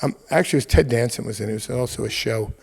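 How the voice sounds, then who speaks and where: A man's voice: mid-range voice, very fast, vocal fry, darkish tone, husky. A middle-aged man guesting on a podcast, talking bluntly and teasingly, often jumping in with questions. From Northeastern US. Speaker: restaurant owner guest. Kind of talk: casual chat.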